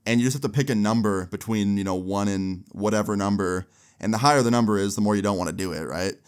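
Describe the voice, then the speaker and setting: Young man telling a lively story. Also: lowish voice, fast talker, clear, resonant tone. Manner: animated, acting out the voices of others in the tale. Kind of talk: casual storytelling.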